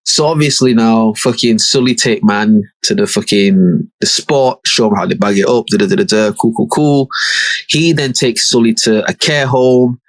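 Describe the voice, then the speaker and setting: Animated man retelling a show. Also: lowish voice, moderate pace, dry recording. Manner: animated, acts out characters' lines with slang and swearing. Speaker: podcast co-host. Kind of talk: casual chat, retelling a TV episode.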